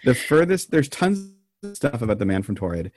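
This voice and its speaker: A man co-hosting a podcast, telling an odd story in a casual, meandering way with deadpan jokes. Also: medium pitch, moderate pace, no room sound, faint music behind. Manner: deadpan joking, meandering with frequent ums.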